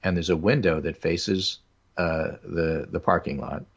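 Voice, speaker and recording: A man's voice: deep voice, fairly even intonation, unhurried, breathy edge, dull audio. A man hosting a podcast, casually telling a story and acting out what people said. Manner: storytelling, acts out other people's lines. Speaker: podcast host. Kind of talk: casual chat, telling an anecdote.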